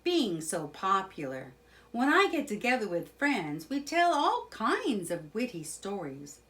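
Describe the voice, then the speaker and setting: A woman voicing a boastful, excitable male toad in a children's storybook, with wailing, swaggering lines. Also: medium pitch, a little slow.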